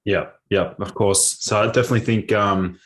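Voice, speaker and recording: Hesitant low-voiced male podcast host. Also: steady tone, normal speed. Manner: hesitant, many "um" and "like". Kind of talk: casual interview questions.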